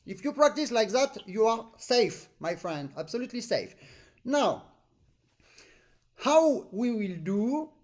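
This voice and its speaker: A man with a high voice gives a live online accordion master class over a video call. His English has non-native phrasing. He often sings rhythmic syllables to show how a passage should sound. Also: very animated, slow pace, darkish tone. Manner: explains with sung syllables to demonstrate phrasing. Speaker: accordion teacher.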